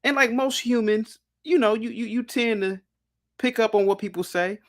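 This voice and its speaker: A man's voice: high voice, moderate pace. A man speaking as a guest on a discussion panel, talking emphatically and rambling, with frequent restarts and repeated words. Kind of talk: casual opinionated discussion.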